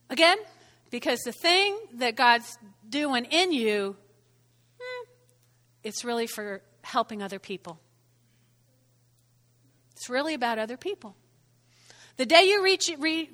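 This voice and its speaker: A bright, high-voiced woman preaches with animated energy, calling out to her congregation and repeating phrases for them to echo. Her voice carries a long reverb, as if in a church hall. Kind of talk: lively sermon.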